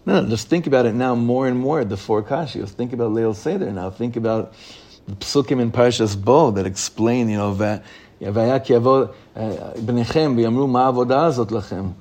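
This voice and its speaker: A man teaching a class as a rabbi. He reads a text aloud, explains it line by line, and grows lively when he quotes excited children. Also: moderate pace. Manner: animated, pitch rising when reading children's excited questions. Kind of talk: Torah lesson.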